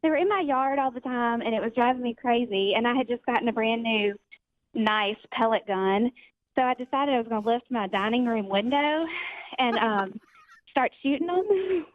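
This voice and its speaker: A woman's voice: on the high side, moderate pace, dry recording. A woman calling in to a radio show from a phone, telling a story in a chatty, amused way. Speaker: caller. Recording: tinny phone line.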